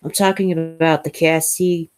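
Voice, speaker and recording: A woman with a low, deep-set voice reads a first-person novel aloud, measured and unhurried, now and then stumbling and restarting a phrase. The sound is dry and close, with no room around it. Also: level tone, a little mellow, no echo. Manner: measured reading with small slips and restarts. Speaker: host reading a novel aloud.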